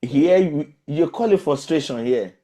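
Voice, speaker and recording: A man hosting a podcast and interviewing children, often pausing and repeating his questions in new words. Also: fairly high pitch, expressive, mellow. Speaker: podcast host.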